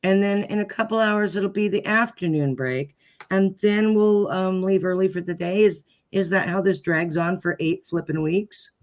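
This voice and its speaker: A woman's voice: medium pitch, normal speed. Female co-host, mid-range voice, indignant and sarcastic casual commentary. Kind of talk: casual chat commenting on a trial.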